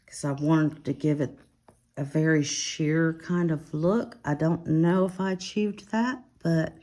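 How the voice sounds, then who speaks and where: Her voice sits low and a little mellow, with fairly even intonation and a measured pace. This Alabama coloring vlogger casually walks viewers through her completed pages, naming the supplies she used along the way.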